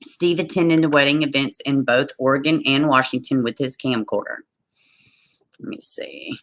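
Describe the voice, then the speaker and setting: A woman's voice: very deep voice, moderate pace, a bit bright. A tired woman with a Southern US accent hosting a true crime livestream, reading a case aloud and breaking off to greet viewers.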